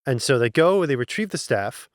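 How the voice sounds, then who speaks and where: A man's voice: medium pitch, sing-song, normal speed, dry recording, studio quality. A man co-hosting a podcast, casually recapping a novel's plot and acting out the characters' lines. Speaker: podcast co-host. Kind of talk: casual book recap chat.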